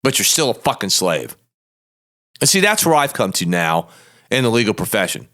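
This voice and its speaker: A man's voice: fairly low pitch, very animated, normal speed, a bit bright. A man in his fifties, a lawyer hosting a show, ranting bluntly and profanely in a combative monologue. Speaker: podcast host, lawyer.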